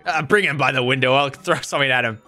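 A young man voicing a joking, gruff reindeer-monster father lying in a hospital bed. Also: medium pitch, quick pace, bright, forceful tone, soft background music.

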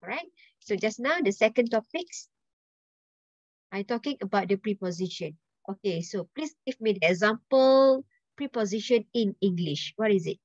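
A woman's voice: mid-range voice, animated, moderate pace, no echo. A woman teacher with a Malaysian accent quizzing her students, slipping Malay words and "lah" into her English. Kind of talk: online language lesson. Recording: dull lo-fi dry voice.

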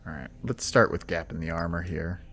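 A man with a very deep voice hosts a gameplay video, talking casually over the game. He is playful and quick to make fun of himself. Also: a bit bright, soft background music. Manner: playful and self-deprecating. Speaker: let's-play host.

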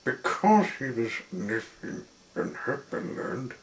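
A man reading a children's picture book aloud, halting often with repeated words and fillers. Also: mid-range voice, sing-song, a little hiss or hum. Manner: halting, with many restarts and fillers. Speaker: storyteller.

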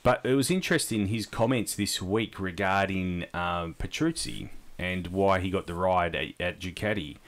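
Low-voiced Australian man, easygoing and hesitant. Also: moderate pace, few pauses. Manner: easygoing, hesitant with many ums. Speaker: podcast co-host. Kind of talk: casual chat.

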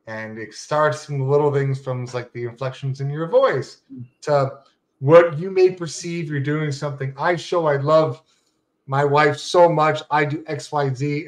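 Chatty male podcast host, fairly high voice. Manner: conversational, chatty, rambling asides. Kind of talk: casual interview chat.

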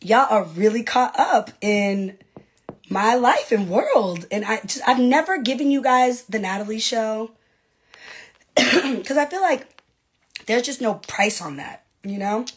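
Brash husky-voiced woman ranting on a livestream. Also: fairly high pitch, animated. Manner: brash, profane, mocking, quick asides. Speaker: reality TV personality livestreaming to fans. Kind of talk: casual livestream rant.

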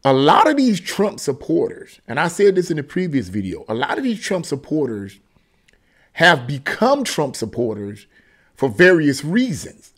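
A man's voice: on the high side, wildly swooping pitch, normal speed. A man hosting a political commentary channel, talking casually and emphatically about a news article and often repeating himself.

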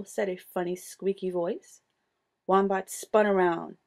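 A woman reading a children's picture book aloud in an expressive, playful way. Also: on the low side, a little slow, vocal fry. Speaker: storyteller. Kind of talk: storybook read-aloud.

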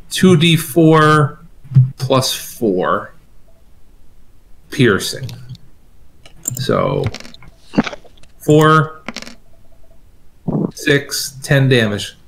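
A man's voice: medium pitch, big pitch swings, very slow, pauses often, low-quality recording. A man acting as game master, narrating the fight and working through the rules aloud with his players.

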